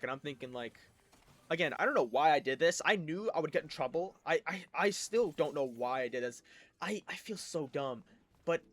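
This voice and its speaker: Young man, casual storytime, rambling and self-mocking, slightly high voice, loud bursts when quoting. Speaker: storytime creator.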